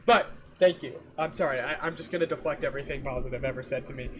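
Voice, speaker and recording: A man streaming and chatting casually with viewers, ranting in an animated, exasperated way and repeating himself for emphasis. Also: medium pitch, quick pace, background noise. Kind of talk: casual livestream chat with viewers.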